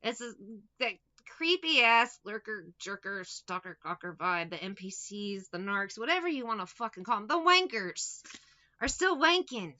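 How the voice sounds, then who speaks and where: A woman's voice: mid-range voice, lively intonation, normal speed, sharp tone, highs cut off. A woman giving a casual tarot reading, talking bluntly with lots of swearing and mockery. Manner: profane, blunt and mocking. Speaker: tarot reader.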